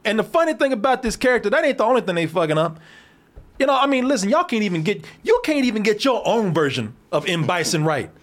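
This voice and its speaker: A man with a high, bouncy voice hosts a loose movie review chat. He swears freely and breaks into laughter between rants. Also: fast. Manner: profane, animated, laughs often. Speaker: podcast host.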